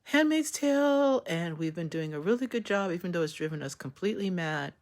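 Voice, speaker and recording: Lady with a low voice doing a live show reaction, slow and gushy, bit of fry. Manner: emotional, exclaiming commentary.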